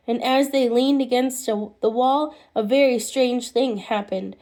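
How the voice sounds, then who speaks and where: A woman reads a spooky children's story aloud in an expressive storytelling voice. She reads slowly, with small slips and restarts. Her voice sits a little high. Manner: expressive, with restarts and muttered asides.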